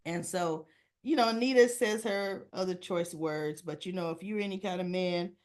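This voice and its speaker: A woman's voice: on the low side, moderate pace. A woman casually recapping a soap episode in a chatty way full of fillers. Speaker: soap opera recap vlogger.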